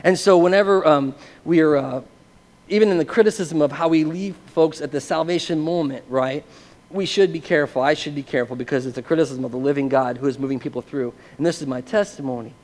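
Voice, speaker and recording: A man's voice: a little high, fast, darkish tone, long reverb tail. A man preaching a sermon as pastor, telling a personal testimony in an earnest, conversational way and often checking in with listeners.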